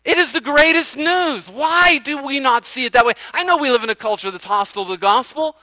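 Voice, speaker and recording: A man, the pastor, preaching a sermon, swinging from hushed passages to fervent, emphatic ones. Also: extremely high pitch, fairly quick, no room sound, rough recording.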